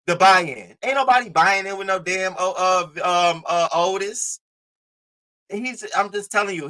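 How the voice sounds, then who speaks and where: Bright-voiced, animated male streamer. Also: sits high, rough recording. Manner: animated, profane, mocking. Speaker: commentary streamer. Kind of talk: casual commentary talking to a live chat.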